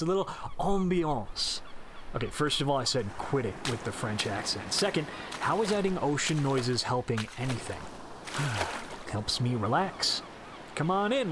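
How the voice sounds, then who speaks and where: A man's voice: mid-range voice, a little hiss or hum. A playful Midwestern podcast host with a mid-range voice that swings all over the place. He bickers with himself in scripted banter, recorded at home in his bedroom. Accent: American Midwest.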